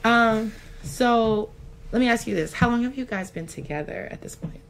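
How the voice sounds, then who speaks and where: A woman co-hosting a podcast, asking her guests questions in a relaxed, chatty way full of filler words. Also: on the high side, moderate pace, vocal fry, a little hiss or hum. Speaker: podcast co-host. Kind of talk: casual chat interview.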